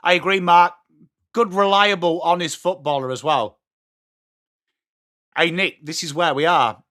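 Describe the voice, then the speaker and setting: English male streamer, high and sharp-toned, excitable blunt footy reaction with chat banter. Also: a little slow. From England. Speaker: watchalong streamer. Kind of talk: live football reaction commentary.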